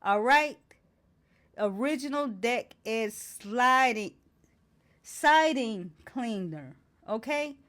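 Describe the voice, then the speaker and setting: Hosting her own talk show, this woman speaks with a fairly high, fairly bright voice, animated and drawing out her words. Her impassioned to-camera talk has her reading ingredients aloud with indignation and repeatedly throwing out rhetorical questions.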